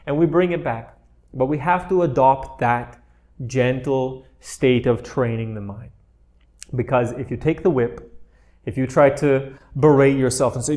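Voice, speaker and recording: A man guiding a meditation lesson in a soft, unhurried, encouraging voice. He keeps things light and playful, often breaking into gentle laughter, and his pitch sits in an ordinary middle range. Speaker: meditation and yoga teacher. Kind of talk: guided meditation class.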